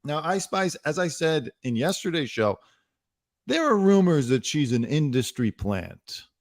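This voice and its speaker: A man's voice: on the high side, very animated, measured pace, no room sound, clean studio sound. A man hosting a comedy news show, riffing on the day's stories in a rambling, sarcastic monologue that keeps correcting itself.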